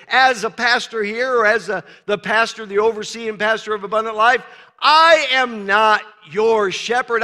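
High-voiced preaching pastor, man. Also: bright, forceful tone, long reverb tail. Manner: emphatic preaching with repeated phrases and fillers. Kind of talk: sermon.

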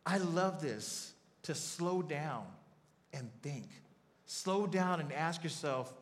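Male pastor, earnest sermon delivery, repeats his key lines, slightly high voice, long hall echo. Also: lively intonation, slow pace.

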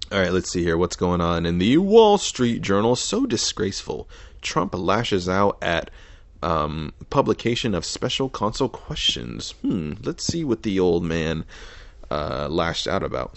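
A man with a lowish voice reads news headlines on his solo podcast and riffs on them with sarcastic, profane commentary. His pitch swoops widely as he mutters some asides and blurts others. The sound is dry and close, with no room echo. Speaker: podcast host. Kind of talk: casual solo rant reading the news.

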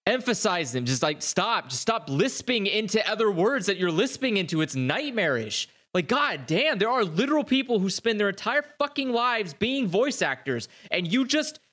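A man's voice: high voice, very animated, moderate pace, few pauses, fairly bright tone. A young man in casual podcast chat, ranting with plenty of swearing and exasperation.

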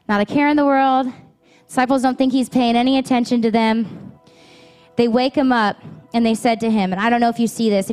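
A woman's voice: on the high side, darkish tone. A woman in her thirties preaching a sermon in a church, talking candidly and conversationally. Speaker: pastor. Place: church auditorium.

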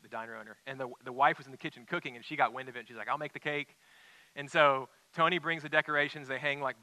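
Bright-voiced man preaching conversationally. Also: mid-range voice, clear, resonant tone, dry recording, rough recording. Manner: conversational storytelling, drops to quiet intensity. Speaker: pastor. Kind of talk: sermon.

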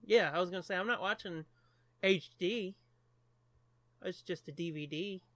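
A man co-hosting a casual movie commentary, playful and jokey, quick to tease his co-host. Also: high voice, crowd noise. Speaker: podcast co-host.

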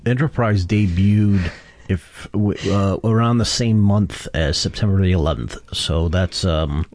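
A man hosting a podcast in casual chat, halting and often restarting his sentences. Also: low-pitched, darkish tone. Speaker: podcast host.

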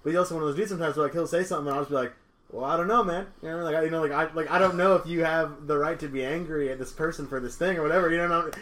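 A man, co-hosting a podcast in casual chat, talking quickly with lots of fillers and "you know what I mean". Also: a little high, steady tone, fairly bright tone. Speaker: podcast co-host.

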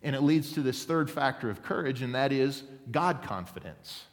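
A man's voice: medium pitch, expressive, normal speed. A man, a pastor, preaching a sermon, telling stories and acting out quotes, and asking the congregation for an amen. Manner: storytelling with acted quotes, asks for an amen. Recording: long hall reverb.

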